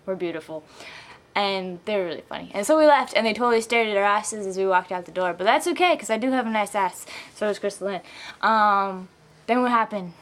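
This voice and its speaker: A woman's voice: mid-range voice, a little fast, fairly bright tone, a little hiss or hum. A young woman vlogging in a casual, rambling way, tipsy and giggly, with lots of fillers, recorded on a handheld camera mic. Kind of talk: casual rambling vlog rant.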